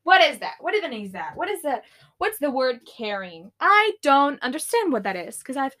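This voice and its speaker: Loud, swearing young woman podcaster. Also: sits high, big pitch swings, moderate pace. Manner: swearing, loud outbursts and screaming. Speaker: podcast host. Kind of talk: casual solo podcast rant. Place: her bedroom while tidying.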